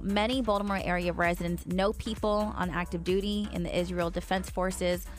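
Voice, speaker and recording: A woman with a lowish voice co-hosts a morning radio show, reading local news stories in a clear newsreader style and adding chatty asides.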